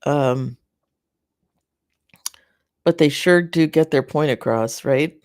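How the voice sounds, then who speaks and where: On a live garden chat, a North American host reads viewer comments casually, rambling and pausing with plenty of fillers and restarts, in a sympathetic manner toward viewers. The voice is mid-range with a darkish tone, recorded dry at studio quality.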